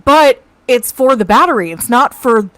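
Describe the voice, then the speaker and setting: A woman co-hosting a live show over a home mic, chatting casually and reading out viewer comments with quick asides. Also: a little high, lively intonation, no echo. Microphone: home mic on a video call.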